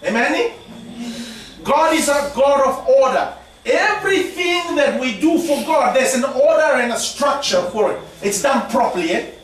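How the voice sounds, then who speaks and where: A male preacher giving an animated sermon, often calling out "amen?" and mixing in words of a local language. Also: very high voice, a little slow, a little hiss or hum. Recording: echoey hall, from far off, faint ambience.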